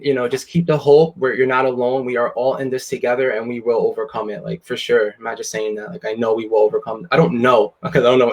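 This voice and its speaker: Young adult co-host, casual chat, earnest, encouraging, mid-pitched. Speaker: co-host of a live stream.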